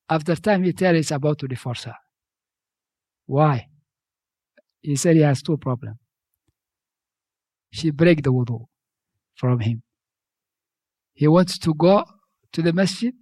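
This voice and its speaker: Guy preaching in english, kinda high voice, dry close sound. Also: darkish tone, no echo. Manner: conversational, repeats phrases, non-native grammar. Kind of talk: sermon.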